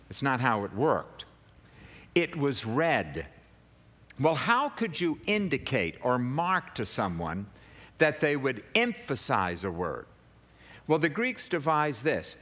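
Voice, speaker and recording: An older man preaching on scripture in a slow, measured way. His voice sits a bit high and climbs sharply at emphatic points, then sinks low for wry asides. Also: a bit bright. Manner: emphatic, swings pitch up for climaxes and drops low for asides. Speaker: Bible teacher. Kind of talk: sermon-style Bible teaching.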